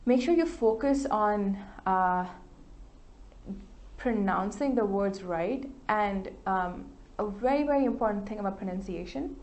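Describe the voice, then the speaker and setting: A woman's voice: mid-range voice, a little mellow, a little hiss or hum. A woman tutoring an English discussion group, giving patient, explanatory feedback with many fillers. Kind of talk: spoken feedback to a study group.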